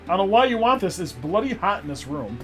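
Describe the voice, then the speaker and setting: A man's voice: high-pitched, big pitch swings, fast talker, faint music behind. A man casually chatting while playing a video game, joking around and playfully mimicking accents. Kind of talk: casual let's-play chat.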